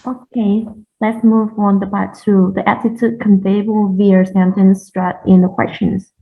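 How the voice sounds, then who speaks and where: A woman's voice: mid-range voice, flat delivery, creaky. Woman presenting over tinny audio. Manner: careful, halting with repeated words. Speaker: student presenter. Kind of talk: class presentation.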